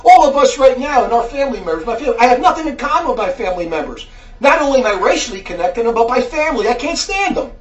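A man's voice: very high-pitched, big pitch swings, fast, recorded from a distance, highs cut off. A man giving an angry, preachy monologue aimed at a viewer, scolding him and repeating taunts. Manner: berating, preachy, repeats taunts like "buddy boy". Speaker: religious commentator.

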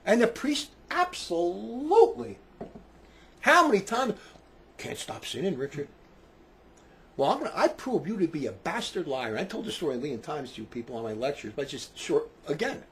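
Older man, preacher, high voice, very animated pitch, impassioned, quiet asides then shouting. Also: quick pace, few pauses, slight background noise. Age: 60s. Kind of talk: fiery preaching talk.

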